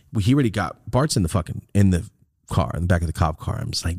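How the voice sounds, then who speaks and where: A man's voice: a little fast, dry recording, clean studio sound. A man in his thirties hosting a podcast, telling a story casually with lots of swearing and acting out the people in it. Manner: animated, profane, acts out quoted people with big pitch jumps. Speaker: podcast host.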